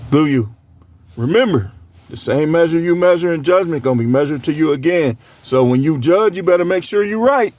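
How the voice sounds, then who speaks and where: A man's voice: fairly high pitch, animated, fairly quick, a little mellow. A man with a cold who coughs now and then, preaching a casual, joking sermon with lots of laughter and slangy banter.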